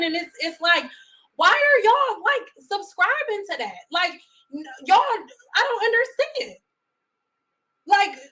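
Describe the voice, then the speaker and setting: A woman in her thirties rants bluntly and profanely, sounding thoroughly exasperated. Her voice is very high and bright, with a sharp edge. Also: poor audio. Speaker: vlogger. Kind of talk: profane ranting commentary.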